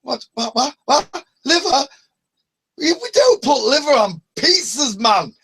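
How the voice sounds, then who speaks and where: A man voicing an angry, foul-mouthed Scottish pizza shop worker who swears and shouts in disbelief. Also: very high voice, sing-song, slow, gravelly, pitched above the performer's own voice, heavily acted. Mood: furious.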